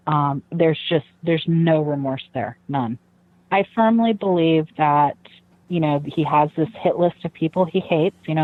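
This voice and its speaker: A woman guest, recounting a personal story in an interview, earnest and reflective, with frequent "you know" fillers. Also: low voice. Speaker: guest, daughter of a convicted killer. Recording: tinny phone-like line.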